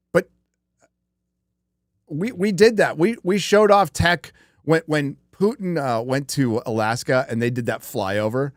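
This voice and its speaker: A man's voice: a little high, takes it slowly, long pauses, no echo, studio quality. A man hosting a casual live-stream chat, rambling and profane, with lots of fillers and restarts. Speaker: podcast host.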